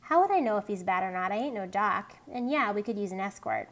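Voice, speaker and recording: A woman's voice: mid-range voice, expressive, fast, fairly bright tone. A woman reading a tough, reckless teenage greaser boy aloud, blunt and streetwise.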